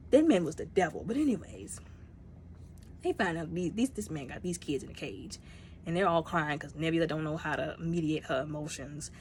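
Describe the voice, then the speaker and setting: Woman vlogger reviewing a film, low voice, animated, acts out the characters' lines. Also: moderate pace, a little hiss or hum. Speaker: movie reviewer. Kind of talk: casual spoken movie review.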